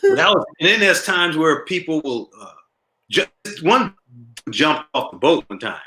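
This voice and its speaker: A middle-aged male comedian tells stories in a casual interview, animated and laughing at his own jokes. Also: fairly high pitch, a little slow. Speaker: comedian guest. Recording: roomy echo.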